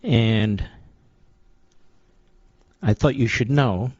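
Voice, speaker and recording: A man's voice: mid-range voice, very slow, darkish tone, dry recording, lo-fi sound. Combative male talk radio host. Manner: combative, sarcastic, punchy short phrases. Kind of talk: political talk radio monologue.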